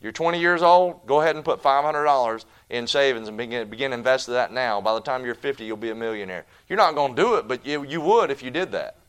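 A man's voice: medium pitch, fast, few pauses, smooth. Folksy preacher man. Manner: folksy, animated preaching with asides. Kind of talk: sermon. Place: church.

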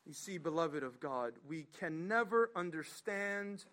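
A man preaching from the pulpit in a slow, deliberate sermon. His voice sits a little high for a man. He swings from ringing emphasis down to hushed, low passages. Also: expressive. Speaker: pastor.

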